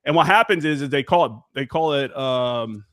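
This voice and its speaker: Man, forties, podcast guest, casual and cussing, mid-pitched voice, dead dry room. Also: moderate pace, no room sound. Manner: profane, animated, acts out remembered dialogue. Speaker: podcast guest, Marine veteran. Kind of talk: casual storytelling interview.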